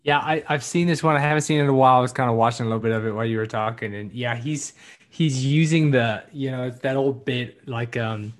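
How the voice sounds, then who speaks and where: A man in casual podcast chat, relaxed and agreeable, laughing easily. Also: medium pitch, quick pace. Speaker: podcast co-host.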